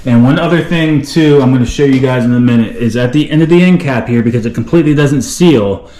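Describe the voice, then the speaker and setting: A man's voice: medium pitch, quick pace, mellow, slight background noise. Folksy rambling man explaining a DIY project. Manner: folksy, rambling, lots of "you know" and "uh". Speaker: DIY video host. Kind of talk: casual how-to walkthrough.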